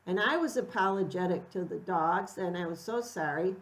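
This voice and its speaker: A middle-aged woman telling a personal story in an unhurried, reflective way, acting out quoted lines with animated lift. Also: lowish voice, rough recording.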